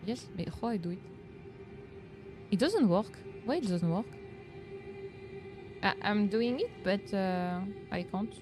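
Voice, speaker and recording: A woman's voice: mid-range voice, animated, takes it slowly, long pauses, music in the background. A young woman with a French accent chatting casually to viewers while streaming a video game, giggling often and reacting aloud. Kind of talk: casual live-stream chat.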